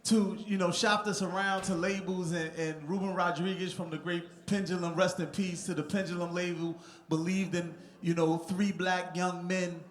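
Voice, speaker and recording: A man's voice: high voice, level tone, normal speed. A middle-aged man from New Jersey giving a rambling, heartfelt acceptance speech on a theatre stage, with many restarts. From Newark, New Jersey, USA. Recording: echoey theatre sound.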